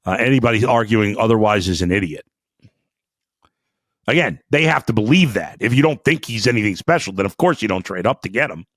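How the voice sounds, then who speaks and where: A man hosting a sports podcast, ranting angrily and swearing, with outbursts that drop to low muttering. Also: expressive, a little fast, dry recording, clean studio sound. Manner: fiery, profane, swings between shouting and muttering. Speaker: sports talk podcast host. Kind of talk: angry sports rant.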